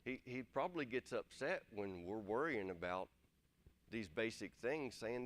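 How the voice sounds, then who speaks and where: Man, fairly low voice, conversational sermon, earnest, repetitive. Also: lively intonation, a little slow. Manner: earnest, plain-spoken, repeats his points. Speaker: preacher.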